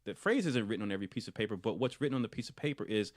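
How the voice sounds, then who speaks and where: A man, a podcast co-host, retelling a film scene in casual review chat, animated and often restarting and repeating words. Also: on the low side, rapid-fire, no room sound, clean studio sound.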